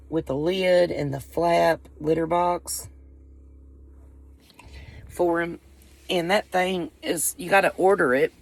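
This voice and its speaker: This vlogger, a woman from Appalachian coal country in the US, has a low, gravelly voice and a Southern Appalachian accent. She talks casually to the camera in a rambling, folksy way, often breaking off her own sentences.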